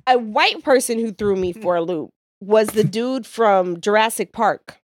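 A woman hosting a podcast in casual chat, telling stories in an animated, profane way with lots of laughter. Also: medium pitch, a little slow. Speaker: podcast host.

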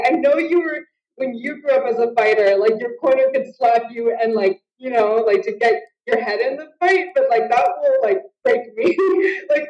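A woman's voice: on the high side, dull audio. Chatty woman on a roomy, distant call. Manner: chatty, heavy use of filler "like". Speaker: guest, Muay Thai fighter. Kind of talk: casual interview chat. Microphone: video call.

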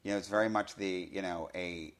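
A man hosting a podcast, talking through a film review in an excited, casual way, often saying "you know". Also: sits low, fairly quick. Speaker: podcast host.

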